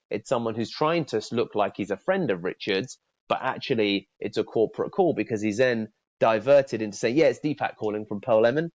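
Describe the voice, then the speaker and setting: A man giving a casual sales training talk, stumbling over repeated words and acting out breezy phone lines. His voice sits at a middle pitch. It is recorded dry and a little dull, like a lo-fi room mic. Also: darkish tone, dry recording. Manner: repeats words, acts out friendly phone openers in a lifted voice.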